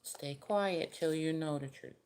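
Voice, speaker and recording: Low-voiced woman reading tarot. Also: unhurried, a little mellow, slight background noise. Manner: chatty, folksy, gives direct advice. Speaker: tarot reader. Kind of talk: casual tarot reading to the viewer.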